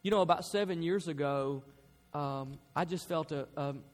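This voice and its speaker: A man preaching a sermon as pastor, building to loud emphatic peaks and dropping to soft, quiet passages. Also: fairly high pitch, moderate pace. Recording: long hall reverb.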